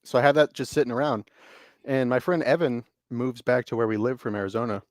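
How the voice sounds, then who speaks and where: A man co-hosting a casual chat, telling animated gaming stories, swearing freely and laughing often. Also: medium pitch, brisk, no room sound, clean studio sound. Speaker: podcast co-host.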